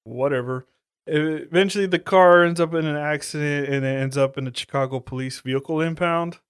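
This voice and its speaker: A man's voice: on the high side, brisk, clean tone, no room sound, clean studio sound. A man hosting a podcast, reviewing horror movies in casual, profane, slang-filled chat. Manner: profane, slangy, laid-back. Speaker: podcast host.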